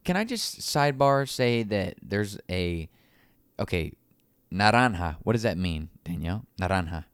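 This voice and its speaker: A man's voice: fairly low pitch, animated, normal speed, clear, resonant tone, dry recording. A man co-hosting a podcast, teasing his friends with crude jokes and frequent laughter. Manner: laughs often, swears freely, teasing. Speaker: podcast co-host. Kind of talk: crude casual banter.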